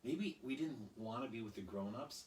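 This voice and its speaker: A man's voice: mid-range voice, expressive, moderate pace, a little mellow, slight background noise. A man, a children's singer and storyteller, chatting casually and rambling through a story with plenty of fillers from his small home studio. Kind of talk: casual storytelling and singalong for kids. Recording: roomy, distant mic with guitar.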